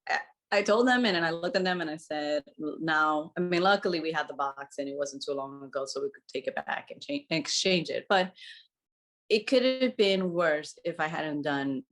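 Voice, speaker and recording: A woman with a low voice talks openly in a relaxed podcast chat. She is animated and laughs easily as she tells her stories. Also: normal speed. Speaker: podcast co-host. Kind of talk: casual conversation.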